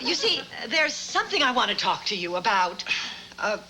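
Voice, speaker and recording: A woman's voice: a little high, sing-song, moderate pace, over a noisy crowd, heavy background noise. An actress playing a dry, wisecracking mother in her seventies in a sitcom. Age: 70s. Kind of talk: sitcom acting.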